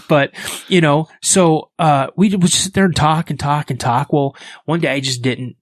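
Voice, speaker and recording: A man from the United States, a podcast guest, telling a story in a casual, animated way and acting out the voices in it. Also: on the high side, slow, no echo.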